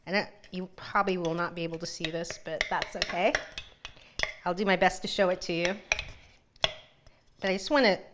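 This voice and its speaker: A woman's voice: on the low side, steady tone, moderate pace, long pauses, dull audio, background noise. A woman from Northern California hosting a casual live cooking demo, chatty and giggly and laughing often. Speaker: host of a cooking show.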